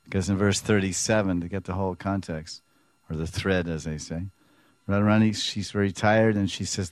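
A man's voice: low voice, brisk, no echo. A man teaching a sermon on scripture, telling the story with animation and chuckling as he explains words. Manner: animated storytelling, acts out dialogue, chuckles often. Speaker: spiritual teacher.

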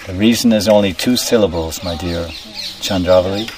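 A man's voice: deep voice, moderate pace, a little mellow. A man giving a devotional class, explaining terms and asking his listeners questions. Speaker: spiritual teacher. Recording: distant mic, faint background noise.

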